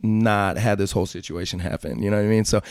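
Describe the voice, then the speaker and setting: Low, smooth-voiced man telling rough stories. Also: fast, no room sound, studio quality. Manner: profane, acts out quoted voices. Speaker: tattoo artist guest. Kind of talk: casual storytelling interview.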